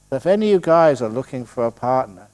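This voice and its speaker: An older man, a meditation teacher answering retreat questions in a joking, storytelling way, with a middle-pitched voice. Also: darkish tone. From England. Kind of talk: humorous Q&A talk at a retreat. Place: meditation hall.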